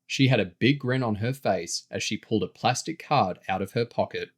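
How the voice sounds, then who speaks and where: A man reading a novel aloud as narrator, slow and expressive. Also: fairly low pitch. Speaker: story reader.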